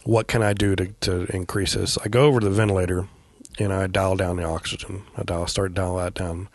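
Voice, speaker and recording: A middle-aged man telling a personal story as a podcast guest, in a quiet, halting way with many pauses and fillers. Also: deep voice, flat delivery, dry recording. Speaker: guest, veteran paramedic.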